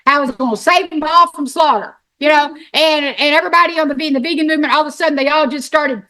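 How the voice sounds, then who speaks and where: A middle-aged woman tells her own story in a high, bright voice. She is folksy and animated, and she slips into other people's voices as she recounts what they said. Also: fast. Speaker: sanctuary founder telling her story. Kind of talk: storytelling talk.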